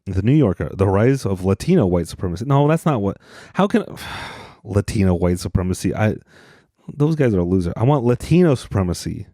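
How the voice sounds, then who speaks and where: Man from Utah, solo podcast host, low pitch, warm mellow tone, jokey and rambling, dry recording. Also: big pitch swings, brisk, no room sound. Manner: rambling, self-deprecating, jokey. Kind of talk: solo comedic podcast monologue.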